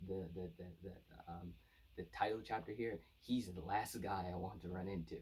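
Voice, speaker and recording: A man's voice: deep voice, fairly even intonation, brisk, darkish tone, slightly rough. A man giving a casual, rambling manga chapter review, full of fillers and restarts. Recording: voice distant from the mic.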